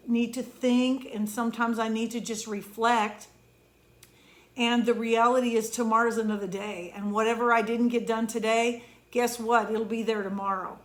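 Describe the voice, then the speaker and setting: A woman with a fairly high voice delivers a heartfelt pep talk as an emotion coach. She speaks in an earnest, conversational way and draws out the words she wants to land. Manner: earnest, conversational, slows down to stress key words. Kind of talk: motivational pep talk monologue.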